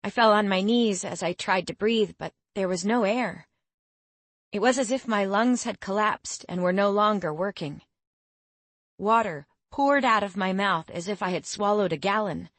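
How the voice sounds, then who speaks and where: A woman narrating a first-person fantasy audiobook in a steady, reflective storytelling manner. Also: medium pitch, moderate pace, no room sound.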